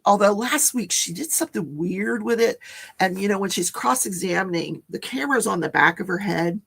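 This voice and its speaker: A woman's voice: mid-range voice, expressive, moderate pace, vocal fry, a bit bright, slightly rough. A woman hosting a casual livestream, chatting about a court case, laughing often and greeting viewers in the chat. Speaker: livestream host.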